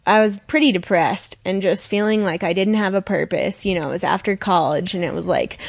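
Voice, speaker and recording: A young woman talks in an earnest, meandering way, stringing thoughts together with lots of fillers. Her voice is middle-pitched. The sound is dry and close, with no room echo. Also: brisk, vocal fry, hardly any pauses. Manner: earnest, rambling, full of 'like' and restarts. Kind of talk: casual conversation.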